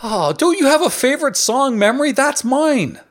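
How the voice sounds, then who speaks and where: A man's voice: very high voice, moderate pace. A man co-hosting a casual podcast, telling stories with lots of swearing. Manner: animated storyteller, swears freely. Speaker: podcast co-host.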